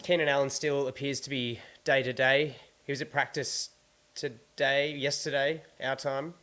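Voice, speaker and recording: A man's voice: medium pitch, fairly bright tone. Australian male podcast host, laid-back news rundown, plain mid voice. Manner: easygoing, runs through team news plainly. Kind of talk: casual sports podcast chat.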